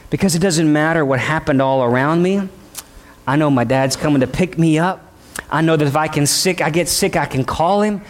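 A middle-aged man preaching a sermon, emphatic and conversational, often asking the congregation questions. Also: high voice. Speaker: pastor.

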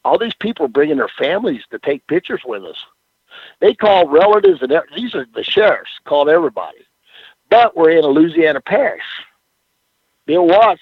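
A man's voice: on the high side, husky, no room sound. Profane older man spinning wild stories. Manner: profane, rambling storyteller with frequent "you know what I'm saying". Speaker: former pro wrestler, interview guest. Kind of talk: casual storytelling interview. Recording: dull lo-fi radio audio.

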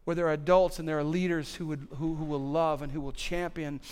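A man preaching a sermon as pastor, building his points through repetition until he is nearly shouting. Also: a little high, flat delivery, fairly quick, smooth. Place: church auditorium on stage.

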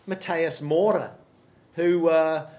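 A man from England co-hosting a space podcast in casual, excitable chat, laughing often. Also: on the high side, takes it slowly. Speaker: podcast co-host.

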